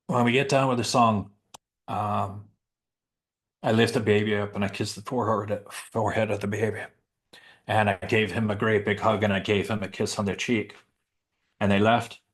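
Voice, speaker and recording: Casting note: middle-aged man, fairly low voice, halting and emotional storyteller, professional Santa. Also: level tone. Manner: halting, emotional, many pauses and restarts. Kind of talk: heartfelt storytelling in a group chat.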